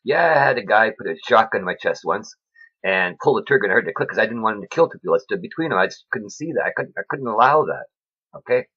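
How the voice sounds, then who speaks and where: Husky low-voiced man preaching emotionally. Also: lively intonation, fast, muffled recording. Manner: preachy, emphatic, keeps asking "right?"; emotional, voice swings loud and soft. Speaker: vlogger. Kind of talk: rambling faith talk to camera.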